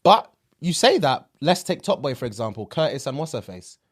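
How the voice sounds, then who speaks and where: A man co-hosting a casual podcast chat, laughing often as he tells animated stories. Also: medium pitch, brisk, husky. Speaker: podcast co-host.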